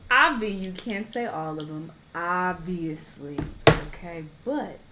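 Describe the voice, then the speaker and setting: Woman hosting reaction video, slangy laid-back talk, slow delivery, lower pitch. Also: expressive, heavy background noise. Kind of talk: casual reaction commentary.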